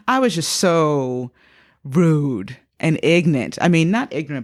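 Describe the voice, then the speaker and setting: A woman in her fifties, a psychotherapist being interviewed, telling a personal story in a lively way and acting out the voices she quotes. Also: a little slow. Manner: animated, acts out quoted speech with big pitch jumps. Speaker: psychotherapist guest.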